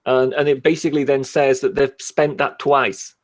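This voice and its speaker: A man with a slightly unplaceable British-continental English accent talks in a polite, measured way. He often restarts his sentences while explaining something in casual group chat. His voice sits at a middling pitch. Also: level tone. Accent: mixed British-continental English, no regional accent. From born in Britain, raised on the European continent. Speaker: regular guest on a live stream.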